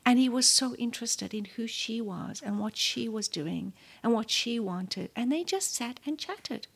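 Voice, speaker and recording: Her voice is a little high, gravelly, and slightly rough, animated yet measured in pace. As a guest being interviewed, this woman in her fifties from South Africa, with a matching accent, recounts her story lively and frequently sinks to almost a whisper.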